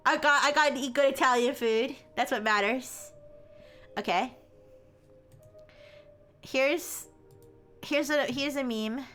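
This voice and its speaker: A woman's voice: high voice, slow, long pauses, a bit bright, faint music behind. A woman livestreamer chatting casually with her viewers, giggly and rambling with many restarts. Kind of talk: casual chat with stream chat.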